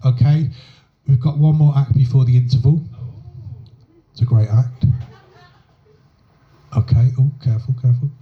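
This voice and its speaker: A man hosts a small pub comedy night, talking loosely between acts and stumbling over fillers as he goes. His voice sits in the middle range, and the recording sounds dull and muffled. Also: mid-range voice. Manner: loose and halting, with many fillers. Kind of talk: casual compering between acts.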